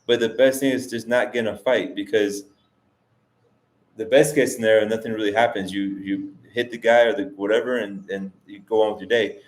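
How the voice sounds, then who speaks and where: A man talks loosely on a live stream, answering chat in an easygoing, rambling way. His voice sits a little low, and he often stops and restarts sentences with fillers. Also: steady tone, brisk. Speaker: vlogger host reading live chat. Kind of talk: casual livestream chat.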